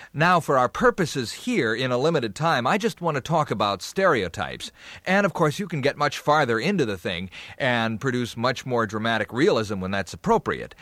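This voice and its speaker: A man's voice: mid-range voice, a bit bright, dry recording. Casting: male accent-acting instructor, plain explanatory delivery, dry close recording. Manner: demonstrates accents mid-explanation.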